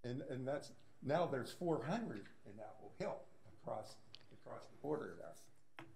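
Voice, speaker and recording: A man speaking as a resident at a public meeting, insistent and halting, with many fillers. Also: medium pitch, expressive, vocal fry, darkish tone, slight background noise. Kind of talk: heated public comment.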